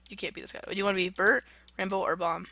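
A young woman hosting a casual game playthrough, excitable, swearing and yelling at the game. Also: medium pitch, racing. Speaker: gaming channel host. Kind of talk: casual let's-play chat.

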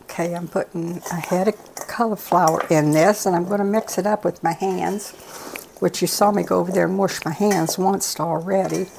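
A low, gravelly older woman chats in a folksy, rambling way as she makes a dish, drifting into stories between steps. Her voice is rough with fry and sits on the low side. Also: fairly even intonation, moderate pace, background noise. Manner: rambling, folksy, chatty asides. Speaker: cooking show regular, host's mother. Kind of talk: casual storytelling while cooking.

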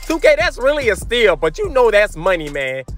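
A young man giving loud, animated trash-talk commentary over his basketball video game to his chat, sometimes slipping into a sing-song. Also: high-pitched, normal speed, faint music behind. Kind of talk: hyped gameplay commentary.

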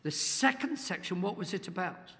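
A man preaching a sermon as a guest speaker in a church. He is emphatic, swells to near-shouts and asks the congregation questions. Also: sits high, lively intonation, moderate pace, vocal fry, husky. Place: church hall. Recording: long hall reverb.

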